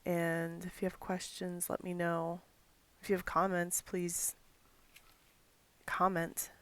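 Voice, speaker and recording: A woman's voice: fairly low pitch, completely flat delivery, takes it slowly, fairly bright tone. Earnest woman giving faith commentary. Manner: earnest, thinking aloud with fillers. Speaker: Christian commentary vlogger.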